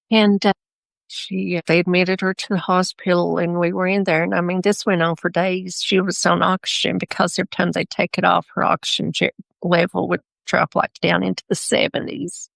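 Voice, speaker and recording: Mother as podcast guest: very gravelly voice, close dry mic, rambling heartfelt telling. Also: fairly low pitch, no echo. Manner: rambling, heartfelt, with self-corrections and soft laughs. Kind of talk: personal storytelling in an interview.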